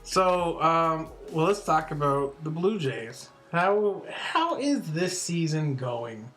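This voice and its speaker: A man's voice: on the high side, animated, takes it slowly, fairly bright tone, faint music behind. A Canadian man co-hosting a podcast in casual chat, with a dry, teasing delivery. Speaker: podcast co-host.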